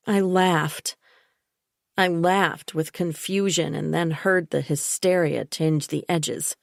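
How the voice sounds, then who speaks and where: A woman reading a psychological thriller audiobook in first person, measured and unhurried. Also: deep voice, steady tone, gravelly, no echo, clean studio sound. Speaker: audiobook narrator.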